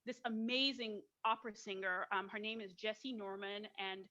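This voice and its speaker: A woman in her forties from Nigeria, a guest opera singer telling her story in a casual podcast interview, animated and laughing often. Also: medium pitch, normal speed. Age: 40s. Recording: dull lo-fi recording.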